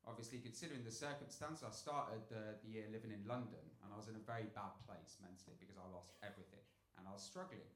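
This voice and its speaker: A man doing a stand-up set on a club stage into a handheld mic, telling dark jokes deadpan, dropping low for setups and getting loud on punchlines. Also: quick pace, hardly any pauses. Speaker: stand-up comedian. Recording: echoey club with room noise.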